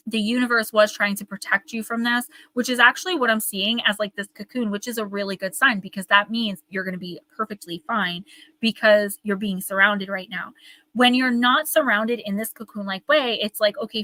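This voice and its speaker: Bright-voiced woman giving an oracle reading. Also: medium pitch, fairly even intonation, moderate pace, no echo, low-quality recording. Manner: rambling, emotional, earnest. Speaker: oracle card reader. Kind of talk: live-stream card reading, casual chat. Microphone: live-stream microphone.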